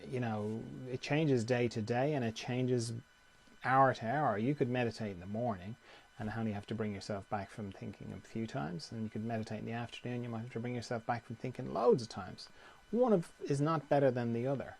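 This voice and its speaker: A man teaching meditation in a calm, conversational way, often repeating phrases. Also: medium pitch, creaky. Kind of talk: guided meditation talk.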